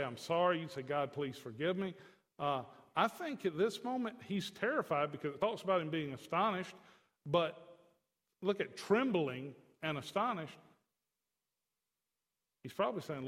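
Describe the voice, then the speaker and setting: Male pastor, high-pitched, folksy and chatty from the pulpit, long hall echo. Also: animated, normal speed. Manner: folksy, chatty asides to the congregation. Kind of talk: conversational sermon. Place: church sanctuary.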